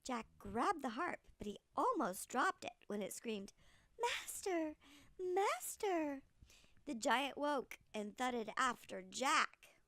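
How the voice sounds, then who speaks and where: Older lady reading a kids story, slow and lively, gravelly, dry close sound. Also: fairly high pitch, no room sound. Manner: animated, slow storytelling with voiced quotes.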